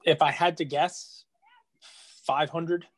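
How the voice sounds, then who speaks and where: A man's voice: a little high, steady tone, dry recording, rough recording. A man co-hosting a podcast, chatting in an easygoing way and joking around. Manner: easygoing, quick to joke. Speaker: podcast co-host. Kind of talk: casual chat.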